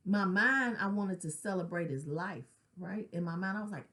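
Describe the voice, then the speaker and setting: A middle-aged woman talks through grief and loss in a candid, conversational way. She speaks earnestly, drops into casual slang and keeps checking in with a quick "right?". Her voice sits at an ordinary middle pitch for a woman. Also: fairly bright tone. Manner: conversational, tag questions like "right?". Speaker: grief counselor sharing her own loss. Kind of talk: personal spoken reflection.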